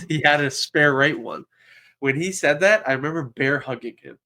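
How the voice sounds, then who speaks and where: A young man co-hosting a casual podcast, telling a story with lively acted-out quotes. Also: a little high, moderate pace. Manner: animated storyteller, acts out quotes. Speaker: podcast co-host. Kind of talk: casual chat.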